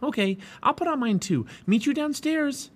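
A man voicing an eager, excitable young girl in a storybook read-aloud, with a high, excited delivery. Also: moderate pace.

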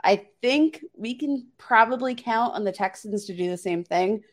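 A woman's voice: on the high side, normal speed. A woman co-hosting a sports podcast, breaking down a matchup in a chatty, upbeat way with lots of fillers. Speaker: podcast co-host. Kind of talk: casual fantasy football chat.

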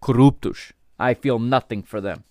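A man's voice: medium pitch, moderate pace, no echo. Guy ranting solo on his podcast, fired up and cursing, dry close sound. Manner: heated, indignant ranting with outbursts of swearing; rises from calm explanation into loud, stressed outrage. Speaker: podcast host.

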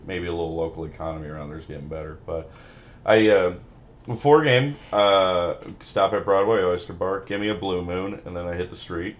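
A man's voice: low voice, dull audio, slight background noise. A man co-hosting a podcast, telling rambling, profane, joking stories in casual banter. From Missouri. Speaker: podcast co-host.

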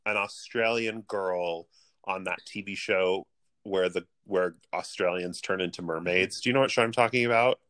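A woman's voice: a bass voice, normal speed, fairly bright tone. A woman in her thirties co-hosting a podcast, chatting casually with jokes and goofy tangents. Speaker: podcast co-host. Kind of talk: casual chat.

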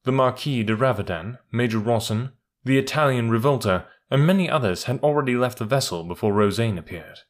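A man reading a first-person story aloud in a measured, even narration. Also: mid-range voice. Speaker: audiobook reader.

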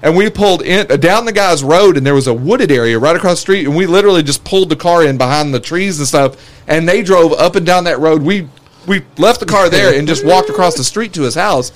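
A man's voice: fairly high pitch, fairly quick. A man telling a wild story in casual chat, swearing freely and laughing as he goes. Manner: profane, animated, laughs through his stories.

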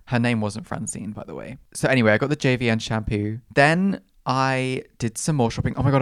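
Young man, solo podcast host, chatty and dramatic, camp slang, middle pitch, dry close sound. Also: no room sound. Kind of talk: casual solo podcast chat. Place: rural home.

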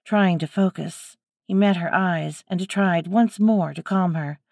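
A woman reading a scripted adventure story aloud at a slow, deliberate pace. Her voice sits fairly low, and the recording is close and dry with no room echo. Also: creaky. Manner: measured, steady reading. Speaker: narrator.

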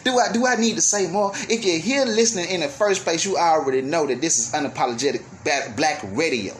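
Heated, high-pitched man ranting profanely. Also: fairly quick, slight background noise. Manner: profane, heated, swings from yelling to apologetic. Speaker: radio show host. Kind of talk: ranting monologue.

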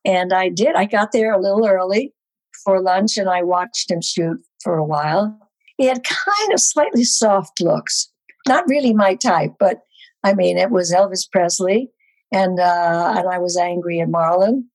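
A woman in her eighties, a guest on a talk show, telling a story from her past with wry, lively asides. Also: on the low side, unhurried, no room sound, rough recording. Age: 80s. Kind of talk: casual storytelling chat.

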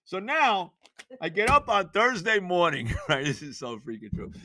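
An older man, hosting a sports podcast and ranting in exasperation with loud, theatrical outbursts. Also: sits high, very animated, moderate pace, no room sound. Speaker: podcast host. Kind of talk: sports rant.

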